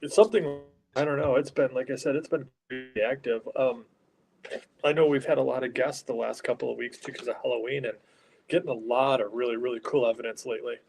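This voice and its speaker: A man who keeps up a haunted hospital, talking casually and keeping his voice low in an interview, with a headset inside the building. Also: steady tone, fast, creaky, slight background noise, poor audio. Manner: talks quietly, keeping his voice down. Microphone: earpiece headset.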